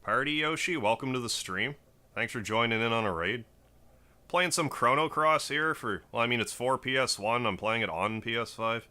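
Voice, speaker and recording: A man's voice: mid-range voice, lively intonation, moderate pace, pushed and bright. A man chatting casually on a game livestream, greeting viewers by name between play. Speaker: game streamer. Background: faint game music.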